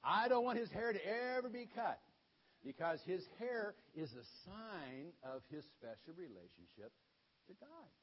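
A relaxed, chatty angel messenger who reassures as he speaks, put on by a male storyteller. The voice sits high and swings widely in pitch. The recording sounds dull and lo-fi. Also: a little slow, husky, full character voice. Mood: easygoing. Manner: laid-back, chatty, reassuring.

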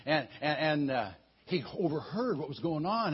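A man telling a Bible story in an animated way, often repeating words as he goes. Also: a little high, brisk, breathy edge. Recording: dull lo-fi recording.

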